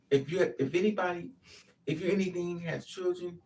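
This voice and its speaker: A woman's voice: fairly low pitch, normal speed, mellow, recorded from a distance. A woman vlogger telling a personal story in a blunt, profane, casual way, laughing between lines.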